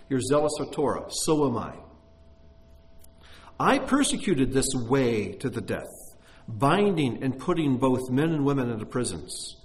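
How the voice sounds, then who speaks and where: A man teaching a sermon who reads scripture aloud expressively and then explains it in plain, conversational commentary. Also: medium pitch. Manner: expressive reading, breaks off into plain-spoken commentary. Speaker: Bible teacher.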